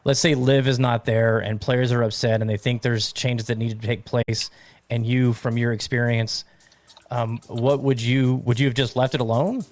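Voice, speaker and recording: A man hosting a casual golf podcast, animated and fond of teasing his guests with hot takes. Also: medium pitch, normal speed. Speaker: podcast host. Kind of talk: casual chat.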